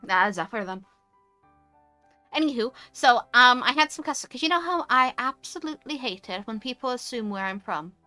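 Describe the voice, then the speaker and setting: A young woman with a posh English accent, chatting casually on a stream and ranting with animated energy. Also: on the high side, normal speed, no room sound, faint music behind. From United Kingdom. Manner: animated, ranty. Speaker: VTuber streamer. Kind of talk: casual chat.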